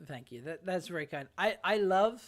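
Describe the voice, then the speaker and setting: A woman hosts a relaxed fan panel chat, her pitch rising and falling in lively swoops. She breaks into laughter again and again and trips over her own words as she talks. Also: normal speed. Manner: giggly, laughs often, stumbles through sentences. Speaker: host of a fan talk show.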